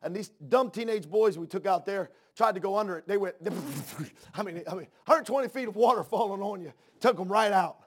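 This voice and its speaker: A man preaching a sermon in church, swinging from hushed soft words to loud fervent outbursts and restarting words as he builds. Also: sits high, a little fast, hardly any pauses.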